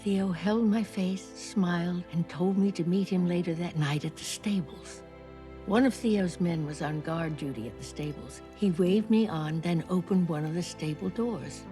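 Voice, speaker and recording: An older actress voicing a gentle elderly former war nurse looking back on her youth. She speaks softly and reflectively in a somewhat low voice, slipping into a whisper now and then. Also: moderate pace, music in the background, lightly acted. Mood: moved. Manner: soft, reflective, drops to a whisper at times. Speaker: former wartime nurse recalling her past. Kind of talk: first-person docudrama narration.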